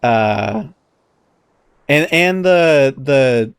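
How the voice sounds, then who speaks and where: Male podcast co-host, casual animated storyteller, mid-pitched voice, dry recording. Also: extremely slow, smooth, no room sound. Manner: animated storyteller, acts out quotes, swears often. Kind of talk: casual chat.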